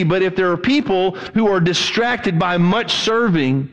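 A middle-aged man preaching a sermon as pastor, animated and acting out the voices he quotes. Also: high voice, measured pace, long reverb tail, rough recording.

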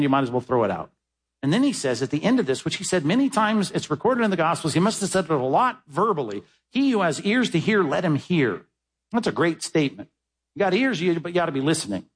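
A pastor delivers a sermon in a husky, somewhat high voice. He talks to the congregation conversationally, then pushes his pitch up to drive key points home. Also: rough recording. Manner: emphatic, conversational preaching with sharp rises for emphasis.

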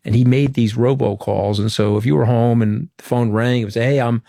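A man's voice: mid-range voice, fairly even intonation, a little fast, vocal fry, mellow, no room sound, studio quality. A middle-aged man from Long Island, New York, speaking as an interview guest and telling candid, anecdotal stories in a frank, emphatic way. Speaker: interview guest, former political communications director.

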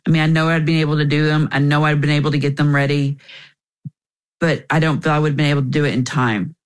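A woman's voice: deep voice, steady tone, fast, smooth. Candid young woman telling her story. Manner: candid, emotional, with restarts. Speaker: guest. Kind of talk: personal story in an interview.

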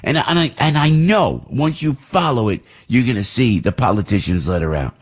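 Husky older man ranting on talk radio. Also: medium pitch, lively intonation, moderate pace. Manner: indignant ranting, repeats himself. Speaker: radio host. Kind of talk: opinionated talk radio monologue.

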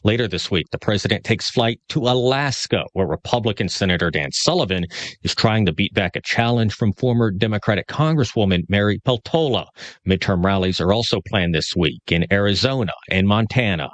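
A male news correspondent with a low voice, reading his report in a measured, formal way. The sound is dry and close. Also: lively intonation, dry recording.

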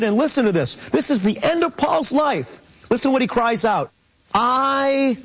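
A man giving an earnest Bible-teaching sermon, slow and emphatic, addressing his listeners as beloved. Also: high voice, rough recording. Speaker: messianic teacher.

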